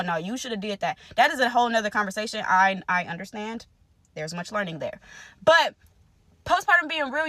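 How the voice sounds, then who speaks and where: Young woman, casual storytime, bright and lively, close dry phone sound. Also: no room sound. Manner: animated, conversational, swings between loud exclaims and low asides. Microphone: phone close to the face.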